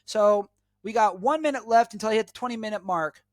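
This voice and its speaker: An American man runs his own channel, talking fairly quickly in a high-pitched voice on a dry recording. Alone on camera, he lectures the viewer in an emphatic, repetitive way.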